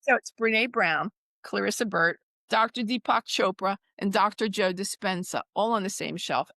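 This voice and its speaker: Expressive woman telling stories, dry sound. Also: medium pitch, normal speed, gravelly, dry recording. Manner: expressive storyteller, acts out quotes. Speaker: guest. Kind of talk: casual interview chat.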